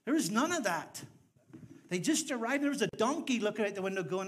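Northern Irish pastor preaching. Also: male voice, high voice, lively intonation, quick pace. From Northern Ireland. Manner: humorous storytelling, rising to fervent appeal. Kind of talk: sermon.

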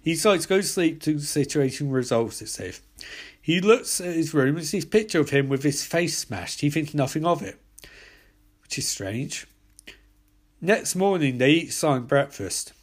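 A man's voice: on the high side, lively intonation, moderate pace. A young man recapping a horror film, full of sarcastic, profane asides. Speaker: film reviewer.

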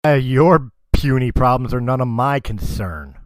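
A man's voice: medium pitch, lively intonation, unhurried, no echo. A man playing a tabletop game, talking in character with brash bravado. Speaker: player.

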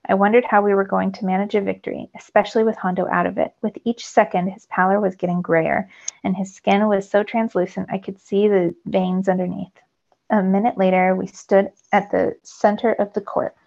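Woman teacher, gravelly voice, storybook read-aloud for kids, dull lo-fi sound. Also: mid-range voice, fairly quick. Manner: lively storytelling, rising with the action. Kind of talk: reading a novel aloud for students. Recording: dull lo-fi recording.

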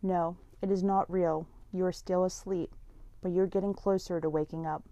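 A mysterious young woman, as a storyteller puts her on, pressing and hushed, trying to wake someone from a dream. The voice sits low and mellow, and the recording is close and dry. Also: steady tone, normal speed, no room sound, dull audio, close to an everyday voice. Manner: hushed, urgent.

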